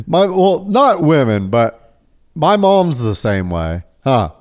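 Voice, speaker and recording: A man's voice: on the high side, a little hiss or hum. A man co-hosting a casual podcast, telling stories animatedly and swearing often. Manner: profane, animated storytelling. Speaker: podcast co-host. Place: hilltop cabin.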